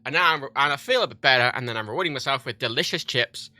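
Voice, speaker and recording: A man streaming a game and chatting off the cuff, his voice bright and sharp with a lively, swooping pitch. He rambles from one thing to the next, swearing constantly. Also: fast talker, dry recording. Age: 30s. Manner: profane, rambling, animated. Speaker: livestreamer. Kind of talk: casual livestream chat while gaming.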